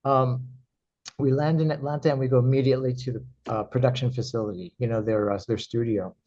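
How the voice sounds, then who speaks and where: A man who teaches karate, telling a story in an interview and acting out his own quoted lines in a higher, animated voice. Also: fairly quick. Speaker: actor and karate teacher, podcast guest. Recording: slightly dull, lo-fi audio.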